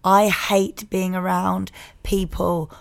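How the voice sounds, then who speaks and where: A woman's voice: fairly low pitch, level tone, slow, gravelly. A woman co-hosting a podcast, chatting casually and reading listener messages aloud. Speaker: podcast co-host. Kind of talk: casual chat.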